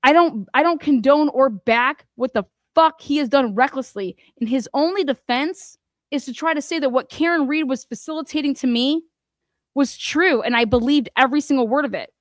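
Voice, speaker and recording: Ranting about a court case, a commentary host with a high voice speaks at normal speed, angry and confrontational. She curses freely and pounds the people she's targeting with rhetorical questions, and her voice comes across dry and close with no room sound.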